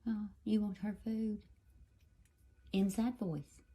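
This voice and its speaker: A woman's voice: lowish voice, a little slow, gravelly, dark tone. A woman talking to her dogs in a coaxing, scolding, sing-song way. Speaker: pet owner filming her dogs. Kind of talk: casual talk to dogs.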